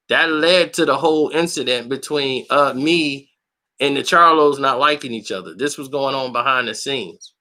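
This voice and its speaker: A man hosting a boxing channel, telling a story in a blunt, slangy, combative way and acting out other people's lines in a raised voice. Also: mid-range voice. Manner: animated, acts out quotes in a raised voice. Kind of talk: casual storytelling monologue.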